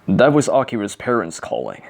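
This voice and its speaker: A man reading the part of a weary middle-aged cafe owner delivering grim news in a halting, somber way. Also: fairly low pitch, wildly swooping pitch, creaky, heavily acted.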